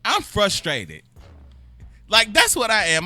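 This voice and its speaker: A man's voice: a little high, big pitch swings, moderate pace, sharp tone, faint music behind. A man hosting a talk show, ranting in a fired-up, repetitive way with an Atlanta accent. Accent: Southern US, Atlanta. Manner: fired-up, repeats phrases, drawls and curses when frustrated. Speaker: podcast host. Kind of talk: heated casual chat.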